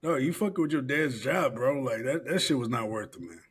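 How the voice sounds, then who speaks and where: A man's voice: mid-range voice, animated, brisk, breathy edge. Laid-back profane podcast guy. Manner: loose, profane, laughing while reading aloud. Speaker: podcast co-host. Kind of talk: casual podcast chat.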